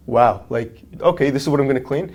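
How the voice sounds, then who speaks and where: Brisk and mid-pitched, the young podcast guest, who owns a franchise, recounts something that happened at work. He plays the characters himself, delivering their lines in a louder voice with lively, casual energy.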